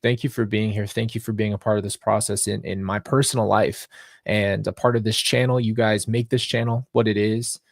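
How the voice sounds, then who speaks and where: A young man hosting a podcast, thanking his viewers in a heartfelt, halting way with many restarts, and getting close to tears. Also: on the low side, steady tone, gravelly, dry recording. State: emotional, near tears. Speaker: podcast host. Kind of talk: live podcast sign-off to viewers.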